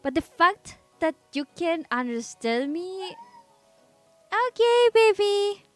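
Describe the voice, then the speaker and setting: A woman whose first language is Spanish, talking with viewers as she draws on a live stream. Her voice sits high and she takes her time, wandering from thought to thought with easy giggles. Soft music plays faintly in the background. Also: expressive, measured pace. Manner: rambling, chatty, giggly, restarts words. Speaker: artist streaming a drawing session. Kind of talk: casual live-stream chat.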